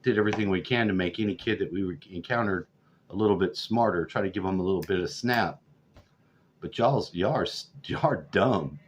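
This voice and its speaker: Brief: man over forty, lowish voice, rambling profane vlog rant, muffled lo-fi recording. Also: fairly quick, slight background noise. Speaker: vlogger. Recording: dull lo-fi audio.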